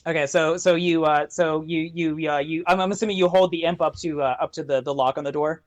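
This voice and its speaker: High-voiced man running a tabletop game. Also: fairly even intonation. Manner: casual, halting with fillers. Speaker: dungeon master.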